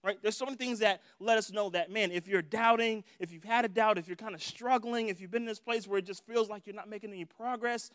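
A man's voice: high voice, fast talker, few pauses, a bit bright, dry recording, studio quality. A young adult man preaching a sermon in a conversational way, acting out prayers in different voices. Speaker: pastor.

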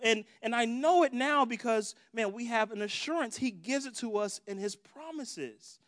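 A man's voice: extremely high pitch, moderate pace, few pauses, a bit bright, no echo, studio quality. A young adult man preaching a sermon in a conversational way, acting out prayers in different voices. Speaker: pastor.

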